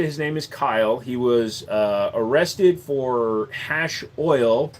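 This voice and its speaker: A man hosting a casual livestream Q&A, chatting jokily and answering viewers on a desk microphone. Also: medium pitch. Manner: jokey, slips into accent impressions. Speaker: livestream host.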